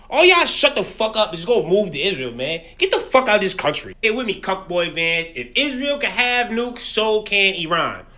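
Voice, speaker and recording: Animated high-voiced man ranting bluntly. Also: a little fast, few pauses. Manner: blunt, mocking, streetwise slang. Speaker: political commentator. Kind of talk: profane political rant.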